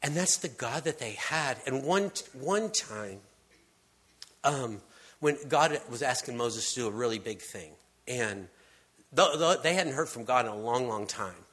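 Husky-voiced man preaching casually. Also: medium pitch, expressive, a little slow. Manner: casual, storytelling delivery with frequent restarts and dropped-to-hushed emphasis. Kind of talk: conversational sermon.

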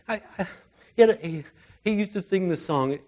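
A man preaching a sermon through personal stories, earnest and heartfelt, his voice often dropping soft and quiet. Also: high voice, unhurried.

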